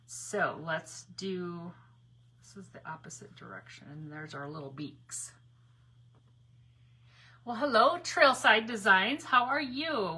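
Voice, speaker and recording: Painting during her live craft stream, this northern U.S. host keeps up a casual chat, welcomes viewers by name and laughs often. Her voice sits fairly low, sounding sharp and a little rough.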